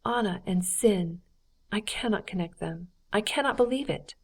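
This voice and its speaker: A woman's voice: mid-range voice, normal speed, close to an everyday voice. A woman voicing a distressed noblewoman pleading for her friend in an audiobook, earnest and lifted in tone. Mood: distraught. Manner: earnest, pleading, raised and tearful. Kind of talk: audiobook character reading.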